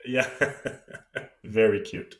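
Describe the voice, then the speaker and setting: A man's voice: on the low side, little pitch movement, extremely slow. A man co-hosting a podcast in casual chat, teasing his partner and laughing often. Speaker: podcast co-host.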